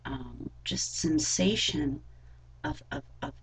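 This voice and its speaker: Low, gravelly, breathy-voiced young woman. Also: big pitch swings, poor audio. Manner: halting and rambling, full of fillers. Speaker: vlogger. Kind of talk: personal storytelling vlog.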